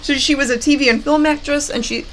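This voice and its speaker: Chatty female late-night movie host with a slightly high voice and faint background noise. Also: steady tone, fast talker, fairly bright tone, low-quality recording. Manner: chatty, giggly, reads trivia notes. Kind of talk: live-stream chat with movie trivia.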